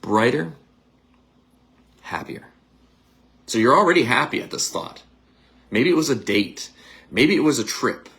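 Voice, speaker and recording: A middle-aged man with a gravelly, creaky voice leads his listeners through a guided visualization. He talks in an energetic, blunt and casual way, pushing and coaching them as he goes. His pitch sits in an ordinary middle range for a man. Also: unhurried, long pauses. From Canada. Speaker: psychic medium.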